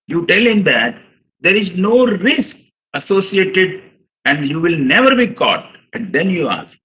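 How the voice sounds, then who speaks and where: A man with a bright, clear voice lectures a room of accountants. He speaks earnestly and tells stories with lively swings of pitch, sometimes addressing listeners as "sir". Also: measured pace, low-quality recording. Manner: earnest, addresses audience as "sir", acts out quotes. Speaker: chartered accountant giving a professional seminar. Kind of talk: seminar lecture with storytelling.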